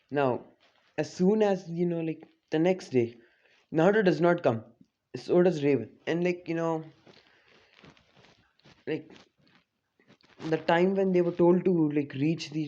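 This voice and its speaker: A man's voice: a little high, mellow. A young man casually telling a fan-made story, rambling with many fillers. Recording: dull lo-fi recording.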